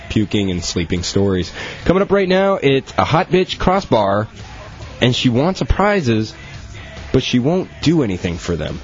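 A male announcer reads a station promo in a brash, mocking tone, his voice pitched lower than most. A soft music bed plays faintly behind him through a dull, lo-fi broadcast. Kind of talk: scripted radio promo read.

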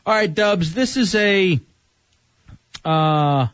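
A man with a fairly high, very lively voice hosts a radio show in casual banter. The studio sound is dry and a little dull. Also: very slow, clean tone, no room sound. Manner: animated, playing clips and reading chats aloud. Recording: dry, slightly muffled broadcast.

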